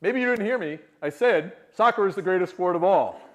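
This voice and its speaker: A man's voice: high voice, animated, a little fast. A man imitating a cheerful old male spiritual leader in an emphatic, playful way while telling a story. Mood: insistent.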